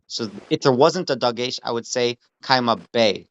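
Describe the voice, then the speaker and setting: A man teaching a study session, reading text aloud slowly and repeating words to explain pronunciation. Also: medium pitch, a bit bright, dull audio.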